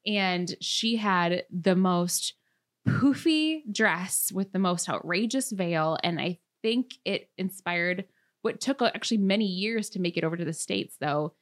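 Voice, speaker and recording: A woman's voice: lowish voice, animated, measured pace. A young woman co-hosting a podcast in a studio, chatty and bubbly, talking into a studio mic. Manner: bubbly, chatty, laughs while telling stories. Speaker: podcast co-host. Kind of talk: casual podcast chat.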